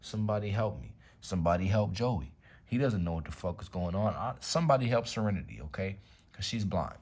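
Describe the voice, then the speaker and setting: Speaking briskly in a notably deep, low voice, a YouTube card-collection host casually shows off his cards from a room at home. He uses loose slang, swears freely, and now and then sinks to a hush while admiring a card.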